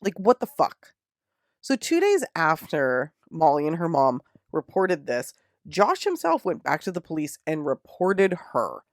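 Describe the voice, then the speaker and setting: True crime podcast host, fired up and cussing, mid-pitch voice, dead dry room. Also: a little slow, no echo. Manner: indignant, profane, animated retelling. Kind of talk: casual true crime storytelling.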